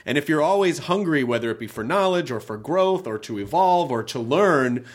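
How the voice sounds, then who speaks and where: A man's voice: a little high, expressive, moderate pace. Earnest, reflective man in casual chat. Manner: earnest, thoughtful, restarts sentences.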